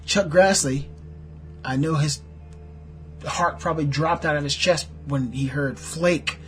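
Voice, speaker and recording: A man's voice: on the high side, unhurried, pauses often, soft background music. A middle-aged American man ranting heatedly about politics, sarcastic and full of profanity. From United States. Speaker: political commentator. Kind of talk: angry political rant vlog.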